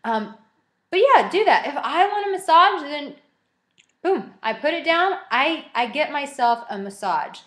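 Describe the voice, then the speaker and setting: An animated young woman gives a motivational self-help talk straight to camera. Her voice sits a little high, and she slips into little acted-out dialogues to make her points. The sound carries a noticeable room echo. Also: measured pace. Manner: animated, acts out quoted dialogue.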